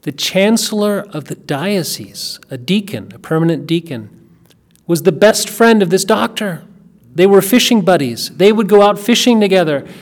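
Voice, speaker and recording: A man's voice: high-pitched, lively intonation, normal speed. A man telling a family story in a casual, earnest way, often repeating words and restarting his sentences. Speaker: speaker recounting a family story.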